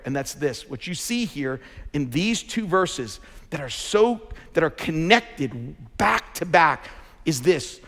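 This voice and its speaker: In the big, echoing space of a large church sanctuary, a male pastor delivers his sermon with emphasis. His voice sits slightly above the usual male range, and he gets louder whenever he hammers a point.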